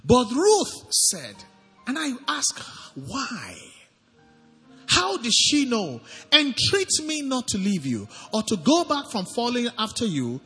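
A man pastor preaching a lively sermon, his voice high and swinging widely in pitch. He reads scripture aloud and calls out to the congregation for responses. The hall rings with long reverb over soft background music. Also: takes it slowly.

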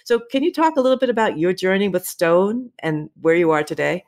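A woman's voice: lowish voice, very animated, a little fast. A middle-aged woman hosting a podcast interview, encouraging and affirming, laughing easily. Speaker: podcast host.

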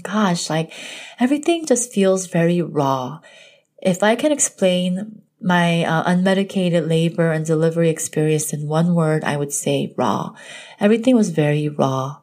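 Woman, low voice, young adult, emotional, earnest, casual storytelling. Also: a little mellow. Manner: emotional, earnest, many "like" fillers. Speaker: podcast host telling her birth story. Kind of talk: personal storytelling.

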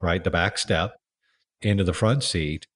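Low-voiced man hosting a podcast. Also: a little slow, husky. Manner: relaxed, conversational, reflective with fillers. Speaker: podcast host and leadership coach. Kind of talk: casual podcast conversation.

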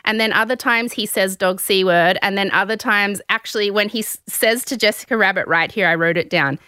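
A woman hosting a casual chat, telling a story in an animated, giggly way. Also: mid-range voice, fairly quick, smooth, dry recording, studio quality. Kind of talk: casual chat recapping a reality show.

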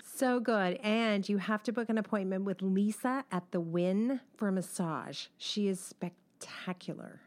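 A woman's voice: medium pitch, measured pace, few pauses. A woman hosting a podcast, chatting casually and laughing as she tells stories. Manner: laughing, storytelling, animated quotes. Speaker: podcast host. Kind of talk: casual chat.

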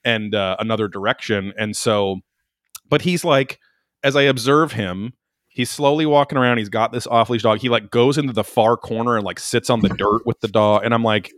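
A man's voice: mid-range voice, moderate pace, no room sound. Guy rambling thru a story, swears a lot, medium voice, dry mic. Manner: animated, profane, rambling storyteller. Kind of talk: casual chat, storytelling.

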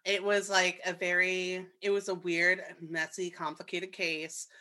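Bright-voiced young woman telling a story. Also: fairly low pitch, little pitch movement. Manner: candid, swears freely, quick asides. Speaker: podcast co-host. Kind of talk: casual storytelling chat.

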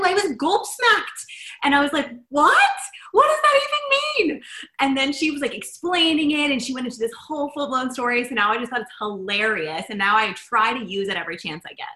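A woman's voice: on the high side, pushed and bright, echoey room, rough recording. A woman from Washington DC in casual group chat, playful and jokey. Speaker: panel guest.

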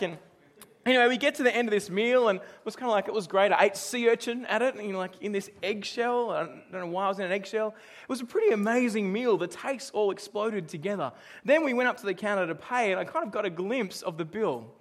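A middle-aged man with a high, light voice preaches to a congregation. His manner is chatty and anecdotal, and he stops now and then to put questions to his listeners. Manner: conversational, storytelling, asks the congregation questions. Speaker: pastor. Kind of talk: sermon.

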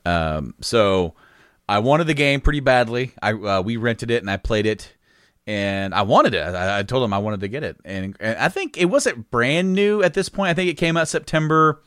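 Man, thirties, casual storytelling, lively voice, dry recording, laughs a lot. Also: moderate pace, clean tone, dry recording. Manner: animated, laughs often, jumps into high squeaky voices when quoting himself.

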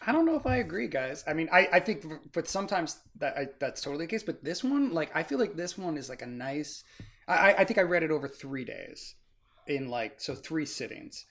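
Rambling man with a higher voice. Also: big pitch swings, brisk, fairly bright tone. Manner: rambling, full of "like" and "you know". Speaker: podcast co-host. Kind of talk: casual book discussion.

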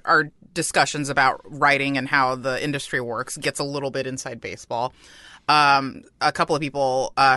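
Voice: medium pitch, sharp tone. A podcast co-host in casual chat, explaining loosely with lots of fillers.

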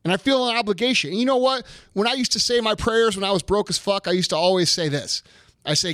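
Brief: high-voiced man in his thirties, profane heated rant, bone-dry close sound. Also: lively intonation, fast talker, fairly bright tone, no room sound. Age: 30s. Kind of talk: casual chat.

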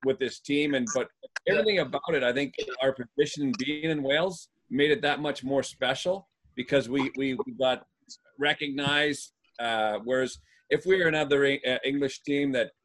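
A man's voice: mid-range voice, normal speed. A man from North America, a former hockey player, telling stories in a rambling, filler-heavy way. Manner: rambling, lots of fillers, animated. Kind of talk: casual storytelling.

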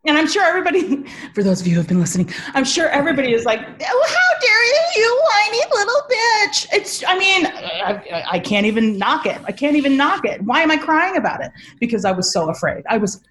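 Animated, laughing woman guest on a video call. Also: on the high side, fast, hardly any pauses. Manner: animated, laughing, swears freely. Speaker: podcast guest. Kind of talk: emotional storytelling chat.

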